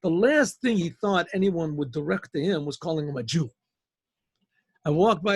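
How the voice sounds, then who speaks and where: A man's voice: fairly high pitch, expressive, moderate pace, breathy edge, no room sound. A man, a rabbi, telling a story in a rambling, conversational way with many restarts, speaking over a video call. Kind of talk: storytelling talk.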